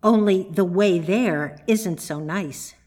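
A woman's voice: fairly low pitch, takes it slowly, darkish tone. Woman doing a smug, teasing dream spirit. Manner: teasing, offhand.

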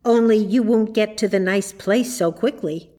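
A woman's voice: mid-range voice, moderate pace, dark tone, natural voice. Smug, teasing male dream spirit in a storybook, offhand and mocking, read by a woman.

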